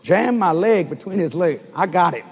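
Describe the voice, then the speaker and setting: A man preaching a sermon as a story, animated and often shouting as he acts out the dialogue. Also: high voice, normal speed, creaky, slightly rough. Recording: reverberant hall.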